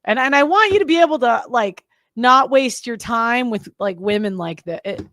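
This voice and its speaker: A woman's voice: fairly high pitch, expressive, moderate pace, fairly bright tone, dry recording, clean studio sound. A woman hosting a reaction show, talking in a candid, blunt way that rambles and interrupts itself. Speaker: host. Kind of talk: reaction commentary.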